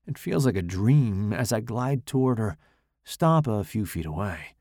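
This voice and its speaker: A man reading his own first-person horror story aloud in a slow, dramatic, expressive way. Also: on the low side, no echo, clean studio sound.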